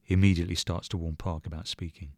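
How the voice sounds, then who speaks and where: A man reading a short story aloud in measured, even narration. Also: low voice, dry recording, studio quality. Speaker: reader.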